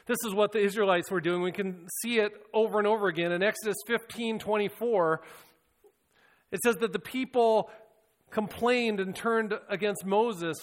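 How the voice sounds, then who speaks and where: Earnest high-voiced male preacher. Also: moderate pace, a bit bright, big-room sound. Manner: earnest, reflective, with frequent restarts and repeated words. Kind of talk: sermon.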